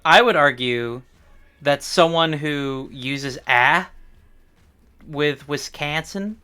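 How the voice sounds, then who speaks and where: Brief: Midwestern male streamer, bright and crisp, chatty and musing. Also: fairly high pitch, slow. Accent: Midwestern American. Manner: chatty, musing, drifts into playful put-on accents. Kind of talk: casual chat on a livestream.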